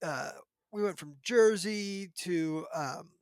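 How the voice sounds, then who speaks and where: A high-pitched man hosts a casual podcast, rambling through a story with lots of fillers and animated asides. He sounds like a man in his thirties. The recording is close and dry, with no room sound. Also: takes it slowly, clear, resonant tone, dry recording. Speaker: podcast host.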